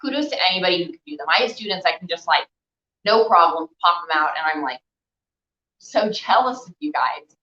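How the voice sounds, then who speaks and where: During a live stretching class, the young instructor's fairly low voice comes out animated, a little fast, pushed and bright. She chats encouragingly with plenty of fillers while out of breath from stretching, and the echoey room yields a dull lo-fi recording.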